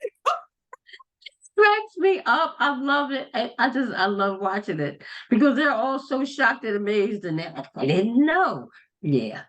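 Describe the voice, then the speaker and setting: A woman's voice: on the high side, sing-song, unhurried, a bit bright. A grandmother chatting casually as a podcast guest, speaking in an earnest, encouraging way. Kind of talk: casual chat between friends.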